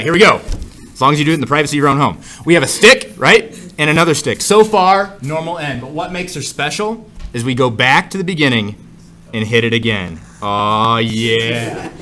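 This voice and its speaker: A man with a fairly high pitch and sharp tone leads a math class playfully, joking and firing many questions at his students. The classroom is echoey, with faint ambience.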